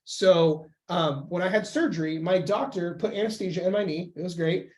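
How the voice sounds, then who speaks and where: A young man talking as a podcast guest and weight-loss coach, emphatic and animated in casual conversation. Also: sits high, moderate pace. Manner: emphatic, animated, acts out quoted voices.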